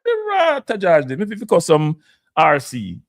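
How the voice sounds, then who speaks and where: A fiery Jamaican man hosting his own live stream, venting with rising heat. He slips between standard English and patois, and his voice sits a touch higher than most men's. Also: huge pitch swings, measured pace. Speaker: host. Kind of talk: impassioned live-stream rant.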